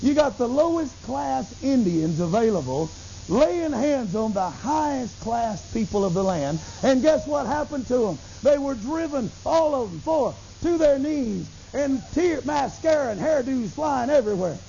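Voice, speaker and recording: A middle-aged man preaching a sermon, telling a story with lively acted-out dialogue. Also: very high-pitched, measured pace, vocal fry. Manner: animated storytelling, acts out dialogue, bursts into tongues. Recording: dull lo-fi recording with faint hiss.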